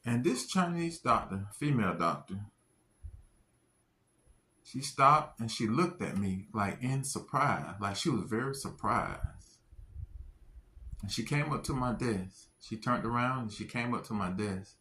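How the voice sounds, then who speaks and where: Brief: earnest man sharing a faith testimony, unhurried pace, leans on key phrases. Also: medium pitch, lively intonation, sharp tone. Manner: slow, deliberate, earnest, stresses key phrases. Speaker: testimony speaker. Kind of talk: religious testimony.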